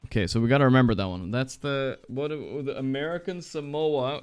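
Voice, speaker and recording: A young man streaming live, chatting casually, reacting loudly and swearing often while he plays a guessing game. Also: mid-range voice, brisk, few pauses, smooth, dry recording, soft background music.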